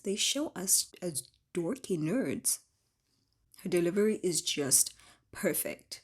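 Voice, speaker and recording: A woman with a husky, slightly breathy voice and a fairly low pitch reads viewer comments aloud in a casual, chatty way. Her delivery is playful, and she laughs often as she goes. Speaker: YouTube host.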